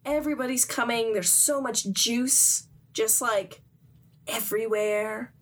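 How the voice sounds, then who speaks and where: Woman, casual chat, lively storytelling, pops into character voices. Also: a little high, a little slow. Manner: animated retelling, acts out characters' lines. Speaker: podcast co-host recapping a comic.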